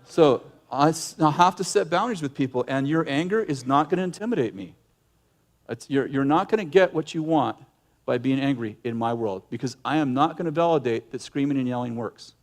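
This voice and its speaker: A middle-aged male pastor preaching a sermon in an animated way, breaking into acted yelling now and then. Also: medium pitch, brisk. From United States.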